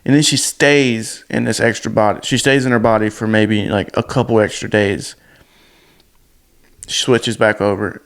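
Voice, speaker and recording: A man's voice: lowish voice, steady tone, moderate pace, fairly bright tone. A man casually recapping a movie plot in a rambling, blunt and crude way, full of fillers.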